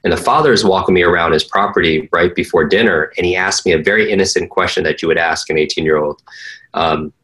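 Brief: earnest male interview guest, low-pitched, storytelling, stumbles and restarts often. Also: quick pace, fairly bright tone, rough recording. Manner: earnest, frequent restarts and fillers. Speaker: interview guest, learning coach. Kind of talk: storytelling in conversation.

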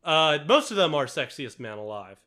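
A man's voice: on the high side, big pitch swings, moderate pace, sharp tone. A young man chatting casually about a movie, rambling with lots of fillers and swearing. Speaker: podcast co-host.

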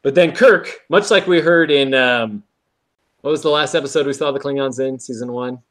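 A podcast co-host casually recaps an episode, animatedly acting out the quoted lines. He has a mid-range voice and talks at normal speed.

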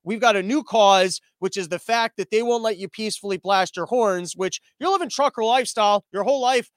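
A man's voice: high-pitched, brisk, no echo. A man hosting a comedy podcast, riffing sarcastically on the news with stammered restarts. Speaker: podcast host. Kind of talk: comedic commentary on a livestreamed podcast. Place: small room that is not soundproofed.

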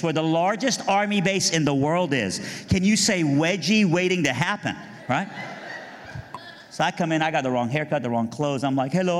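A man from Iran telling his life story as a humorous testimony, animated and jokey, jumping high in pitch to act out punchlines and voices. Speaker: speaker giving a testimony. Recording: long hall reverb.

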